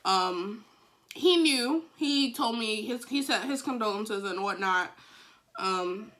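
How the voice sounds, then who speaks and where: A woman in her twenties tells a story to her camera in a bright, forceful voice. She is frank and profane and acts out both sides of the argument. Now and then she breaks into exaggerated wailing. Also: on the high side, slow pace. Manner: dramatic, animated retelling with sudden wailing outbursts. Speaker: vlogger. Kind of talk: casual storytime.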